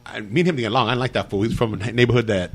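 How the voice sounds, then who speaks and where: A man guest on a podcast, telling a story in rapid, profane, animated casual chat. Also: medium pitch, soft background music.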